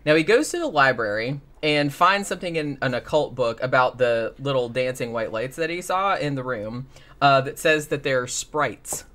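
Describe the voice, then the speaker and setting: A man's voice: mid-range voice, lively intonation, normal speed, bright, forceful tone. A man hosting a casual chat, rambling and sarcastic, swearing freely as he recaps. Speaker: podcast host.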